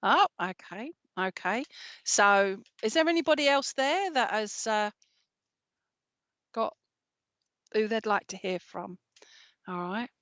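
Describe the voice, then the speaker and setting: Woman, live medium, reassuring and gentle, mid-pitched, dry lo-fi stream audio. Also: animated, takes it slowly, long pauses, no room sound. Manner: gentle and reassuring, with frequent checking "okay?" tags. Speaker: psychic medium.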